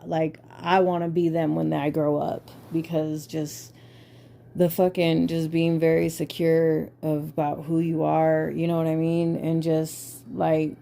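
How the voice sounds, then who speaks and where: A woman's voice: low voice, level tone, measured pace, vocal fry, dark tone. A woman hosting a podcast, talking candidly and casually with lots of swearing and filler words. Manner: candid, profane, filler-heavy. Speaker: podcast host. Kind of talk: casual chat.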